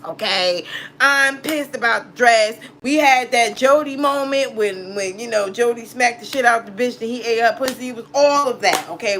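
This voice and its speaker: A woman's voice: a little high, sharp tone, slight background noise. A woman who reads tarot, telling a personal story casually in a blunt, profane way, laughing often. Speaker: tarot reader.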